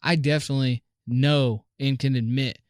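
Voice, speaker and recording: A man's voice: medium pitch, fairly even intonation, normal speed, dry recording, studio quality. A young man co-hosting a casual podcast chat, mumbling at times and laughing often. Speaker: podcast co-host.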